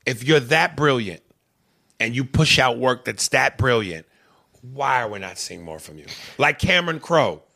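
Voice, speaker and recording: A man co-hosting a podcast, chatting in an animated, opinionated way with some swearing. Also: mid-range voice, moderate pace, gravelly. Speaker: podcast co-host. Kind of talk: casual chat.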